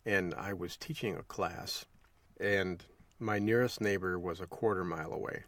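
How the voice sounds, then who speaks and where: A man's voice: deep voice, normal speed, a bit bright, dry recording, far from the mic. A man hosting a podcast, telling a folksy story in a casual monologue and chuckling along the way. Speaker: podcast host.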